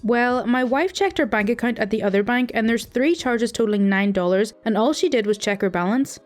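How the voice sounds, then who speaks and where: A woman's voice: a little high, fairly quick, soft background music, lightly acted. Woman voicing a stubborn elderly man caller. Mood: insistent. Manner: indignant, stubborn and accusing. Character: grumpy elderly man calling his bank. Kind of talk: storytime reading.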